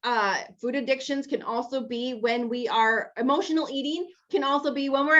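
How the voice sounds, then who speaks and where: A woman's voice: high-pitched, normal speed, few pauses, a bit bright, highs cut off. Chatty woman coaching a group on a call. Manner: chatty and encouraging, talks to the group directly. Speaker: weight-loss coach.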